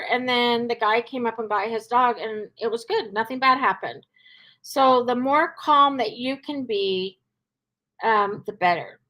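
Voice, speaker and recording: A woman's voice: fairly high pitch, steady tone, a little slow, fairly bright tone. A woman dog trainer answering questions in a live Q&A, chatty, with many fillers, acting out cheerful cues. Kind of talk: live Q&A advice.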